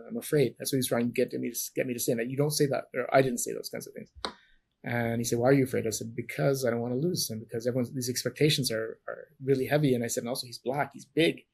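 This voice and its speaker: A man's voice: medium pitch, gravelly, darkish tone, husky. A middle-aged man, a guest in an interview, telling long stories with many restarts and self-corrections. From Canada. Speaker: guest, former champion wrestler. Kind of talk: storytelling interview answers.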